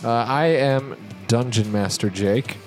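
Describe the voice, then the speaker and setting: A young man hosting as dungeon master, talking in a halting, casual way with fillers. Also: mid-range voice, soft background music. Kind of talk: casual podcast chat.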